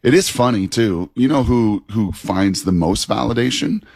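A man co-hosting sports talk radio, chatty and animated, laughing as he talks. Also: lowish voice, normal speed, vocal fry, slightly rough, dry recording, studio quality.

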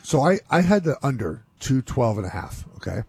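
A man co-hosting a sports betting podcast, rambling and animated, with many restarts. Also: mid-range voice, moderate pace, breathy edge, no room sound. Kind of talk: casual sports chat.

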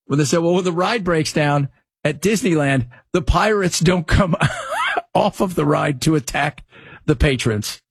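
A man's voice: on the high side, measured pace, gravelly, husky, no room sound. A man hosting a talk radio show, rambling through commentary and reading ads in a conversational way. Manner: rambling, conversational, animated asides.

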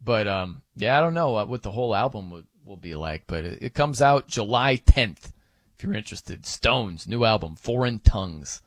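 A man's voice: fairly low pitch, normal speed, dry recording. A man filling in as a sports radio host, bantering casually and jokingly with fillers from a studio mic. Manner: animated, joking, rambling with fillers. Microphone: close studio mic.

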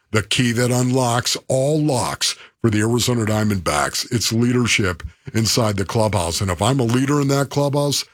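A man co-hosting a sports radio show, talking emphatically and preaching to listeners he calls brothers. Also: mid-range voice. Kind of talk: sports talk radio banter.

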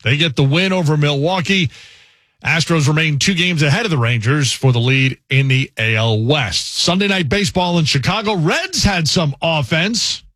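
A man hosting an overnight sports radio show, briskly reading scripted highlights. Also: fairly bright tone, dry recording, clean studio sound. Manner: brisk, smooth newsreader delivery.

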